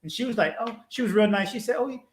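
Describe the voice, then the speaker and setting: A man's voice: high voice, fast talker, echoey room, low-quality recording. A man from the Washington DC area hosting a casual live stream, telling stories animatedly and acting out past conversations. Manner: animated storytelling, acting out his own past exchanges. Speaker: livestream host.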